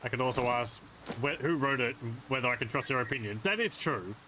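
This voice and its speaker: A man's voice: mid-range voice, quick pace, noisy background. A man casually commenting as he plays a video game, musing aloud in a wry, self-amused way. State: has the hiccups. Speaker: let's play gamer.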